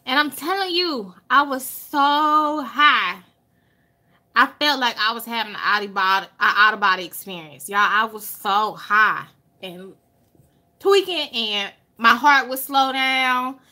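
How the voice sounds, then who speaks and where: In a fairly high pitch and at a measured pace, this Alabama vlogger relates a story to viewers with Southern-accented animation. She elongates words for emphasis and swears freely.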